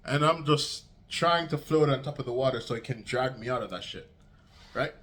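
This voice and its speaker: A young man vlogging a casual storytime, slangy and swearing, acting out quotes with big jumps in pitch. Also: moderate pace, a bit bright.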